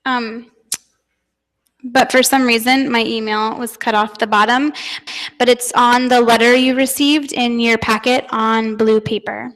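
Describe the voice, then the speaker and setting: A middle-aged woman giving a conference talk, telling family stories in a chatty, animated way and laughing often. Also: a little high, measured pace, big-room sound. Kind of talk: conference talk told through family anecdotes.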